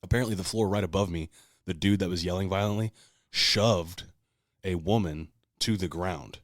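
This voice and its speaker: A man's voice: sits low, normal speed, dry recording, studio quality. A man co-hosting a podcast, telling a long story in casual, profane, heated talk. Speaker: podcast co-host.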